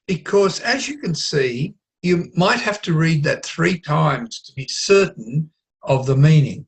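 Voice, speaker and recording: Slightly high-voiced man teaching writing. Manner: explanatory, with mock overheard chatter. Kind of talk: online writing lesson.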